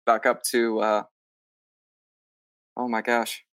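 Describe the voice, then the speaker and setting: A man, a stage actor, telling a story in a casual interview, lively and acting out what others said, with lots of filler "like"s. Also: medium pitch, takes it slowly, dry recording, studio quality. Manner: animated, acts out quoted lines; many filler likes. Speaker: musical theater actor, guest.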